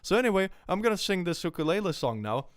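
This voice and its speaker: A man's voice: sits high, sing-song, fast, no room sound, studio quality, voice pushed up. A man putting on the voice of an insincere online creator giving a vague, syrupy, overly earnest apology. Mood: fake contrite.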